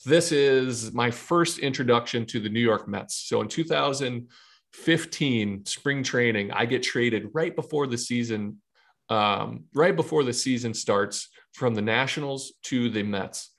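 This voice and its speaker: Man telling a lively baseball story. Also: medium pitch, measured pace. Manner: animated storyteller acting out dialogue, laughing. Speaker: podcast co-host and former baseball pitcher. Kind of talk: casual podcast chat.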